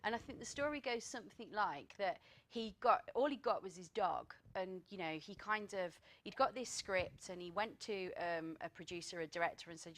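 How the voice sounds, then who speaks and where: A woman hosting a casual chat, telling an inspiring story in a lively storytelling manner. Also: medium pitch, moderate pace, few pauses. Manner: storytelling, animated when excited.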